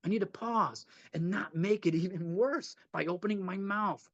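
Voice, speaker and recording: A man's voice: high-pitched, normal speed, a bit bright, no echo, highs cut off. A man leading a twelve-step study session in an informal teaching style, earnest and repetitive, often checking in with a rhetorical "right?". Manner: earnest, repeats points, asks rhetorical "right?".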